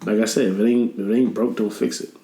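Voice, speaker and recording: A man chatting casually as a podcast guest, animated and laughing often as he tells stories. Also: fairly low pitch, fast talker. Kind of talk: casual chat. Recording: echoey room.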